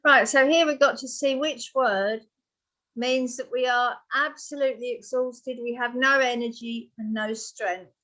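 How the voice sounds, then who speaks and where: A woman's voice: a little high, steady tone, unhurried, sharp tone. A woman tutoring for an English exam, patiently explaining word meanings to a student. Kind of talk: one-on-one vocabulary lesson.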